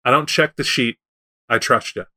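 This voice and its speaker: Bright-voiced man rambling through a story. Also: mid-range voice, normal speed. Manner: rambling, restarts, animated storytelling. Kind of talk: casual chat about tabletop role-playing.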